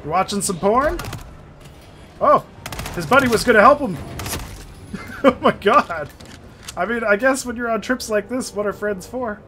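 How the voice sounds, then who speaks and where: A man giving casual let's-play commentary, excitable and jokey, swearing and laughing often. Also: high-pitched, measured pace, long pauses, a little hiss or hum. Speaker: gameplay streamer. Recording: faint game music behind.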